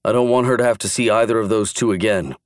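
A man's voice: fairly low pitch, fairly even intonation, quick pace, no echo, studio quality, close to an everyday voice. A man reading the lines of a tough, protective man who gives stern, clipped orders.

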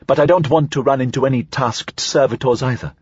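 A man's voice: mid-range voice, fairly quick, breathy edge, no echo, dull audio, pitched above the performer's own voice. A man voicing a commanding, decisive female prefect who gives clipped orders, read in an audiobook. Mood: firm.

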